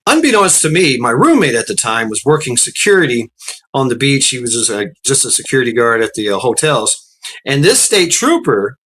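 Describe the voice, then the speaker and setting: A middle-aged man telling a long, profane story in casual chat, stumbling over restarts and acting out quotes in a raised, shouting voice. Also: fairly high pitch. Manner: profane, rambling, frequent restarts.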